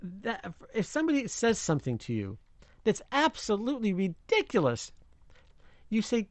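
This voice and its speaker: Man, slang expert guest, animated explaining, very lively pitch, dry close sound. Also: normal speed, no echo. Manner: animated, explanatory, chuckles often. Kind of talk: explaining idioms on radio. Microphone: remote line from another city.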